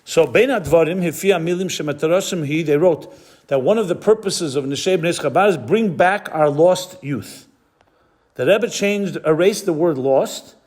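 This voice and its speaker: A male rabbi teaching a class in a fairly high voice. He explains step by step, drops Hebrew and Yiddish terms into his talk, and often pauses to search for the right word. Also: darkish tone.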